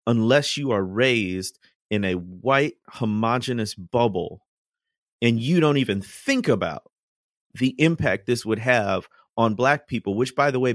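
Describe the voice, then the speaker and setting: Man co-host, earnest explainer, close dry recording, mid pitch. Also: a bit bright, dry recording. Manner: earnest, explanatory, cites scripture. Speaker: podcast co-host. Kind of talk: casual political discussion.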